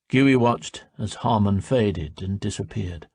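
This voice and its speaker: A man narrating an audiobook in a measured storytelling manner. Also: fairly low pitch, lively intonation, darkish tone, husky, no echo, studio quality.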